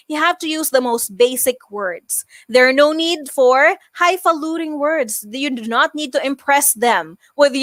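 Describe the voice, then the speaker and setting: A woman lecturing students at an online career seminar, animated and emphatic, often demonstrating tones of voice. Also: high voice, no echo, clean studio sound. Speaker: career talk speaker.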